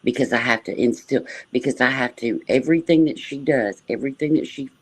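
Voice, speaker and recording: A man's voice: medium pitch, a little fast, slightly rough. A man in a played clip, speaking dismissively and making accusations about another streamer. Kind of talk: livestream commentary clip.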